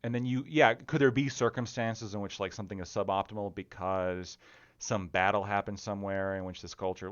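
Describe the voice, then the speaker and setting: A man's voice: on the low side, fairly even intonation, fairly quick, lo-fi sound. A man hosting a live stream, chatting casually and bluntly while playing a game, swearing freely. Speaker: streamer host.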